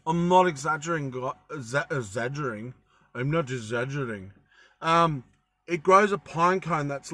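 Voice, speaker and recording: A man's voice: a little high, pushed and bright. A young man chatting casually to camera, rambling with lots of ums and restarts, with a bit of a cough. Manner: rambling, many ums and self-corrections. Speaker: travel vlogger.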